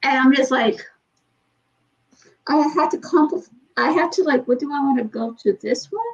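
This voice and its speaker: A woman telling rambling, animated stories in a casual chat, often acting out what others said. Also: sits high, moderate pace, lo-fi sound. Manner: rambling, animated storytelling with acted quotes.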